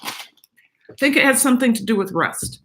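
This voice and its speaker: A middle-aged woman hosting a casual live stream from home, chatting with viewers in a halting way, with many fillers and restarts. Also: high-pitched, lively intonation, a bit bright, slight background noise. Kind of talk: casual chat, reading viewer comments.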